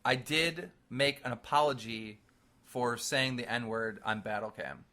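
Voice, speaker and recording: A young man co-hosting a casual podcast, telling animated stories and laughing often. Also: medium pitch, unhurried. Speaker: podcast co-host.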